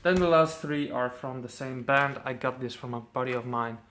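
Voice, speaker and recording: A man's voice: medium pitch, moderate pace, fairly bright tone. A man casually presenting his metal CD collection, enthusiastic, swearing freely, with lots of ums.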